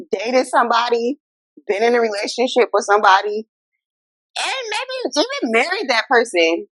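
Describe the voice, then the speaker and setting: A woman hosting a casual self-help talk. She speaks in an animated, incredulous way, addresses viewers as y'all, and. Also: on the high side, no echo. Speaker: host.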